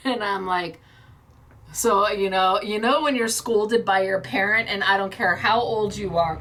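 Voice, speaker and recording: A middle-aged woman hosting a craft class, telling a casual anecdote as a lively storyteller who laughs often. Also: medium pitch, measured pace.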